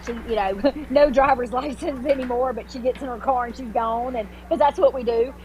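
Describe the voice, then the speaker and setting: A woman with a fairly high voice tells her story in a loose, animated way. She swears freely and restarts her sentences often. A faint noise sits under the recording. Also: a little fast, low-quality recording. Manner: animated, swearing, many restarts and filler words. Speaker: podcast guest. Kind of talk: casual storytelling.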